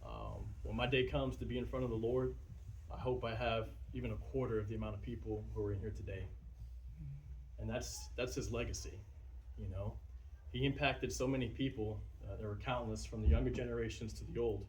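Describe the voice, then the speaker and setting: A man who was a military recruiter giving a casual eulogy at a visitation, halting and full of fillers. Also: mid-range voice, fairly even intonation, a little mellow, a little hiss or hum, low-quality recording. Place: funeral visitation room.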